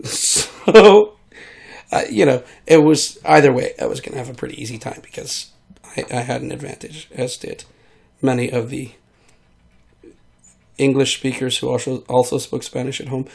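A man rambles through a casual monologue while sick. His voice has a steady middle pitch and a gravelly, creaky texture. He wanders from thought to thought, trails off and fills gaps with ums. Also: normal speed. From United States. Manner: meandering, trailing off, many fillers. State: sick, voice hard to control. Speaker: vlogger.

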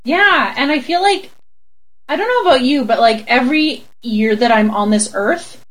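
A woman with a Canadian accent, co-hosting a casual chat, giggly and animated, often slipping into mock voices. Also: high-pitched, normal speed, poor audio. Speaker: podcast co-host.

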